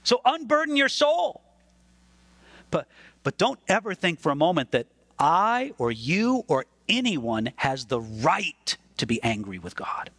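A man's voice: fairly high pitch, big pitch swings, measured pace, fairly bright tone, dry recording. A man preaching a sermon as pastor, earnest and emphatic, repeating words as he stresses a point.

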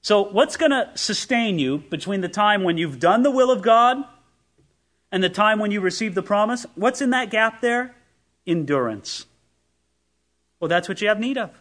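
A man's voice: high voice, expressive, moderate pace, fairly bright tone. A man preaching a sermon as pastor, asking rhetorical questions and reading scripture with emphasis.

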